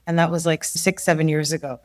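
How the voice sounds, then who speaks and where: A woman in her forties tells her story in an easy, chatty way, often acting out what people said to her. Her voice sits a little low, and the sound is close and dry, with no room around it. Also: brisk, no echo. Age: 40s. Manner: animated storyteller who acts out quotes, laughs often. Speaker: leadership coach, podcast guest. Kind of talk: casual interview conversation.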